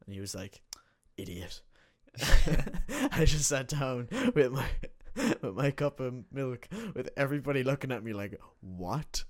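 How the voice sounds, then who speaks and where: A young man in casual chat, telling an animated story and laughing often. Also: mid-range voice, moderate pace.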